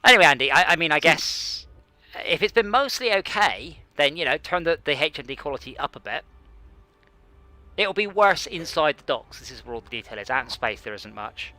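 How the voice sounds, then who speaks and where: A man streams a space game, his fairly high voice very animated, a little fast, pushed and bright. He chats casually and rambles, mocking himself and talking to himself as he plays.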